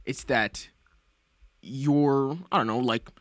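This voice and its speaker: A man's voice: medium pitch, fairly even intonation, takes it slowly, no room sound, studio quality. A man as a podcast guest, talking in a casual chat, thinking aloud with fillers.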